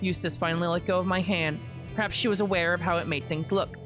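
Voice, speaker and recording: A young woman reads a visual novel aloud on a stream, breaking off for wry asides. Her voice sits a little low and stays expressive. Soft music plays faintly behind her. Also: fast.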